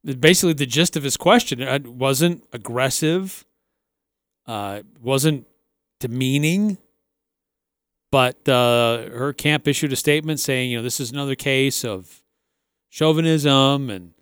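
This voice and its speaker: Smooth-voiced male sports radio host. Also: medium pitch, a little slow, dry recording. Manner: relaxed, conversational, recounting stories. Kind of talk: casual sports talk.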